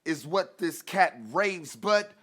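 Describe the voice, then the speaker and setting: A man's voice: sits high, expressive, slow. Defiant spoken-word poet man. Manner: rhythmic, defiant, swings from soft to shouting. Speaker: performance poet. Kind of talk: spoken word poetry performance.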